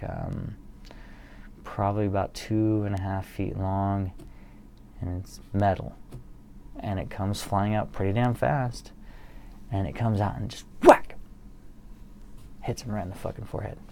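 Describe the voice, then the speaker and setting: A man's voice: on the low side, steady tone, measured pace, vocal fry, dark tone, slight background noise. A man casually telling a rambling, profane story to an absent audience, laughing along at it, then reading poems aloud. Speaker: solo streamer or vlogger reading poems.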